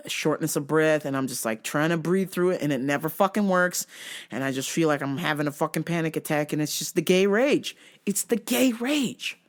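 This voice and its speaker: A woman hosting her own show, telling a rant story casually, full of swearing and sound effects. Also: low voice. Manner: profane, animated, frequent sound effects. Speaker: host.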